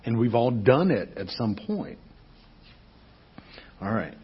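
A man with a very husky, raspy voice preaches a sermon, his pitch swinging widely as he asks his listeners question after question. The recording sounds dull and lo-fi. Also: takes it slowly. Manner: animated, conversational preaching with rhetorical questions. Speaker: pastor.

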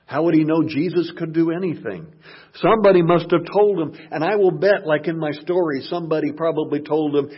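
A man preaching a sermon, dropping to hushed murmurs and rising to loud shouted passages. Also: on the high side, brisk, slightly rough, muffled recording.

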